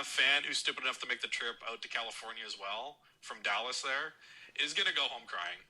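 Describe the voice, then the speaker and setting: A man's voice: fairly low pitch, sharp tone, rough recording. A man leaving a voicemail, ranting about football and swearing constantly in a mocking, heated tone. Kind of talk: profane fan rant.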